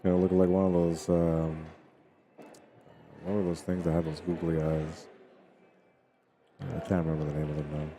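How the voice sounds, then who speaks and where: A man's voice: low voice, flat delivery, normal speed, pauses often, mellow, a little hiss or hum. A man giving casual, chatty commentary on a pool stream, talking to viewers and laughing. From Spanish heritage.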